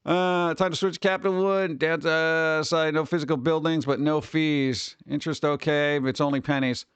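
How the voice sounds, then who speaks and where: High-voiced ranting man streamer. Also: moderate pace, clear, resonant tone, no echo. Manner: ranting, animated, swears lightly. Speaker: streamer host. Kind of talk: casual chat.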